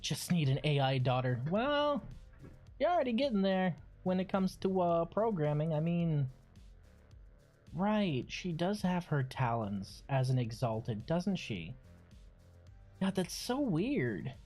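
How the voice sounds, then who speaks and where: A man's voice: on the high side, big pitch swings, measured pace, faint music behind. Rambling, cursing gaming streamer man. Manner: rambling, swears, loud squeals. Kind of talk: casual gaming commentary.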